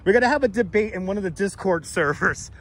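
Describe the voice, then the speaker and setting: A man's voice: high-pitched, expressive, fast, a bit bright, slight background noise. A man hosting a casual live stream outdoors in a city, talking loosely with swearing and frequent laughs. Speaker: live-stream host and tour guide. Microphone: wireless clip-on mic.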